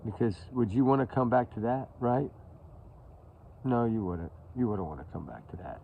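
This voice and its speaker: A Texan man hosting a casual outdoor livestream, his drawling talk full of restarts and trailing asides. The sound is thin and phone-like. Steady noise hangs behind his voice. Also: medium pitch, normal speed, vocal fry. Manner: drawling, rambling, with many restarts. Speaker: channel host talking about missing-person cases. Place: outdoor backyard by a fire pit. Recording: tinny phone-like audio with background noise.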